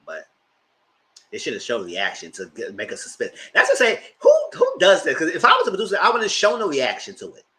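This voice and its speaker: Man, TV recap host, animated pitch, bright tone, chatty, laughs a lot. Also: a little fast. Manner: animated, chatty, laughs often, slips into loud excited outbursts. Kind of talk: casual live TV review commentary.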